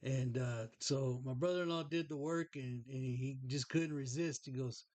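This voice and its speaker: A man's voice: medium pitch, moderate pace, a little mellow, no echo. Folksy rambling man. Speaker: podcast host. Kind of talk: casual show-and-tell chat.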